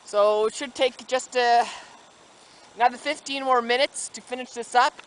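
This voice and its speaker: A man's voice: very high-pitched, fairly even intonation, normal speed, a bit bright, a little hiss or hum, rough recording. A man from Canada narrating a casual outdoor vlog in a snowy forest, talking through each task and marveling at the scenery. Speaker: vlogger.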